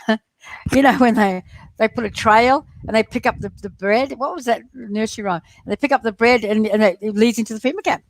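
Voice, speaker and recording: A woman's voice: a little high, fairly quick, no echo. Rambling woman chatting on a live stream. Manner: rambling, excitable, talks straight to her viewers. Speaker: livestream host reading viewer chat. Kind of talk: casual live-stream chat.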